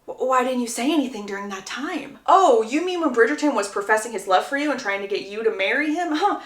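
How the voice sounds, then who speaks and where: A woman's voice: on the high side, expressive, fast talker, lightly acted. A woman doing a smug, mocking lord. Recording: roomy echo.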